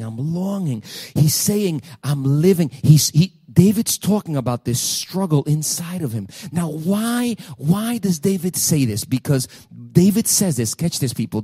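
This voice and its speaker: A man preaching a sermon as pastor, emphatic, swinging between loud declarations and hushed asides. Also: fairly high pitch, slightly rough, no echo, clean studio sound. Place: church sanctuary.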